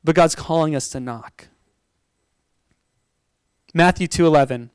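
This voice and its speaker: Young man, youth-style preacher, animated and talky, bright high voice, dry close sound. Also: a little slow, smooth, dry recording, low-quality recording. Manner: animated, chatty storytelling with frequent "like" and laughter. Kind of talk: sermon with personal storytelling.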